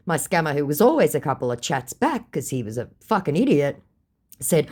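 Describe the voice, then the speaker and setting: A woman's voice: low voice, sing-song, fairly quick, warm tone. A woman telling a storytime vlog about chatting with a scammer, sarcastic and exasperated. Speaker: storyteller recounting a chat with a scammer.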